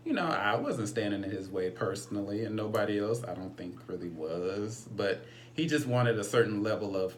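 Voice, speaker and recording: A man's voice: fairly low pitch, expressive, normal speed, slight background noise. A man co-hosting a casual chat, gossiping animatedly and laughing often. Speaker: podcast co-host and reality show cast member.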